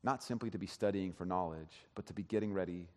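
A man's voice: low voice, fast, a little mellow. A man giving a sermon as pastor, telling a story in a conversational way with frequent restarts. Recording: long hall reverb.

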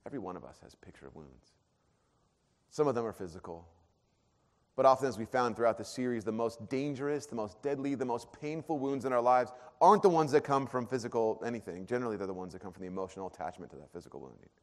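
Earnest pastor in a reverberant hall. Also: male voice, mid-range voice, fast. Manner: earnest, swings from hushed to emphatic. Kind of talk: sermon. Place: church auditorium.

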